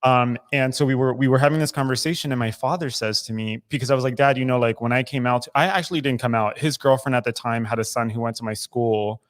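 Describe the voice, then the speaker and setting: A man's voice: mid-range voice, steady tone, fast, few pauses. A man in his thirties co-hosting a recovery podcast, speaking candidly and emotionally with frequent restarts. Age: 30s. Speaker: podcast co-host. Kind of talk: casual recovery podcast talk. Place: recovery club room.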